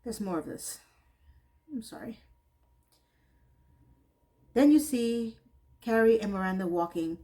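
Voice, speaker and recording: A woman's voice: fairly low pitch, a little mellow, rough recording. A woman giving a casual recap of a TV episode, breaking off into exasperated, sarcastic asides. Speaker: TV recap reviewer.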